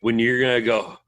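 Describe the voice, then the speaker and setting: Excitable man with a bright voice. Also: mid-range voice. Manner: excitable, teasing. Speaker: podcast producer. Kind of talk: casual chat.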